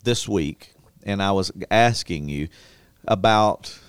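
Playful, animated male pastor on a podcast. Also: lowish voice, slow, smooth, no echo. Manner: joking, playful, teasing. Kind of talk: casual podcast chat.

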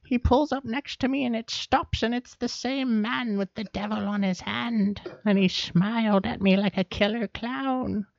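A man voicing a chatty little old lady who tells her eyewitness story in a high, breathless way. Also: measured pace, creaky, few pauses, no room sound. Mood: spooked gossip. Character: chatty older female eyewitness. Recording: dull, dry lo-fi sound.

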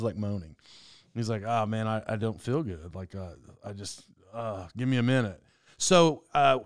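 A man's voice: mid-range voice, clean tone, no echo, studio quality. A young man telling a story casually, rambling with restarts and chuckling as he goes.

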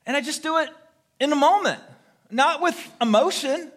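A man's voice: very high-pitched, moderate pace. A middle-aged American man preaching a sermon as pastor, telling stories with humor and imitating horn beeps. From United States. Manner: animated, humorous storytelling with vocal sound effects.

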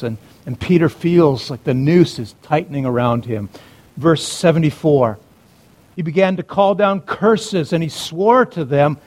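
A man delivering a sermon with a voice pitched a little above the usual for men. He shifts from urgent, emphatic lines to low, hushed reflection. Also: expressive, unhurried. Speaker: pastor.

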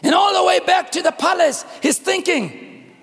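A man from South Africa preaching a sermon, telling the story dramatically with voices and frequent shouting. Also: very high-pitched, normal speed, long reverb tail. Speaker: pastor.

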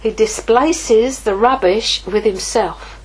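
A woman preaching a sermon, lively, moving from hushed asides to exclaiming. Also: on the high side, slow pace, slightly rough, rough recording. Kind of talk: sermon teaching.

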